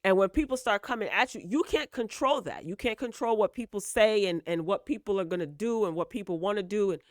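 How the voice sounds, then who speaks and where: Her voice is mid-range and fairly quick, captured dry and at studio quality. Chatting about celebrity news, this woman lectures and gives strong opinions, repeatedly tossing in "all right?" and "okay?" to check in.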